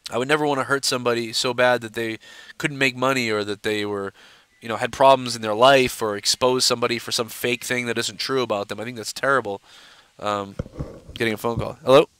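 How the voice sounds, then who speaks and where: A man hosts a live stream, rambling and cursing freely with constant fillers. His voice is bright and forceful, smooth and clear. The sound is dry and close to the mic. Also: medium pitch, steady tone, fairly quick, no room sound. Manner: profane, rambling, lots of "you know". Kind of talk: casual live-stream rant.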